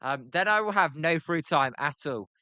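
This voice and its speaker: A British man calls a baseball game live from his computer, reading viewer chat between pitches. His voice is bright and crisp, sitting slightly high, with a loose, scattered delivery full of filler ums and self-deprecating jokes. The sound is dry and close. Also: animated, normal speed, no room sound. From Britain. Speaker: live play-by-play streamer.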